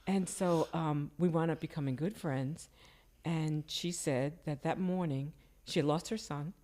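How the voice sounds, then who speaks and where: An older woman telling personal stories in casual conversation, her voice jumping up whenever she quotes someone. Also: unhurried. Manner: animated, jumps high when quoting people. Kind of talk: casual storytelling.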